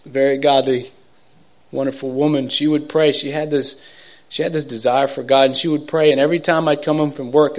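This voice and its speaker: Man giving a halting personal testimony. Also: fairly high pitch. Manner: halting, repetitive, swings from urgent to hushed. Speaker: testimony speaker.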